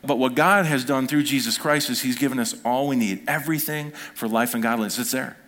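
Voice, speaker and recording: Animated man preaching a story sermon. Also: brisk. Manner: animated, acts out quotes with pitch jumps. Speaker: pastor.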